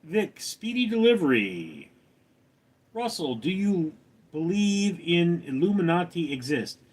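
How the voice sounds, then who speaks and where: Slow-talking guy on a livestream, kinda high voice, reads chat out loud and cracks wry jokes. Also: sing-song, breathy edge. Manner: reads viewer comments aloud and answers them, wry and joking. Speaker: livestream host reading chat. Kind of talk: casual live chat.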